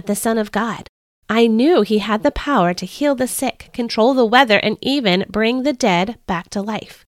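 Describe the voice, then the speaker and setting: A woman's voice: on the high side, no room sound, clean studio sound. Earnest woman reading a devotional story. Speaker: podcast host reading her devotional book. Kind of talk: scripted first-person story narration.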